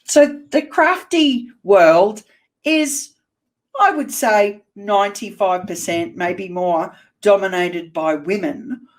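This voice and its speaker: An Australian woman hosting a casual interview, playful and teasing, quick to laugh. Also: mid-range voice. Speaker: podcast host.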